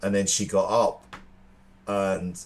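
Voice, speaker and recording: A man's voice: deep voice, level tone, takes it slowly. An Irish man in his thirties, a co-host telling earnest stories in casual chat, often restarting his sentences. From Ireland. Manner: earnest storytelling with frequent restarts.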